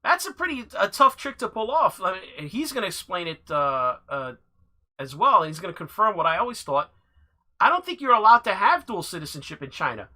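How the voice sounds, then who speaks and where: Bright-voiced man commenting over clips. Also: sits high, sing-song. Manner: halting, restarts and dry laughs.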